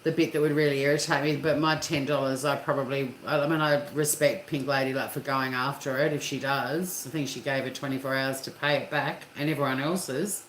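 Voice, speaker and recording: A woman's voice: rumbling low, fairly even intonation, brisk, hardly any pauses. A woman hosting a casual live chat with viewers, talking candidly and swearing freely. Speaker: livestream host. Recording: echoey room with faint hum.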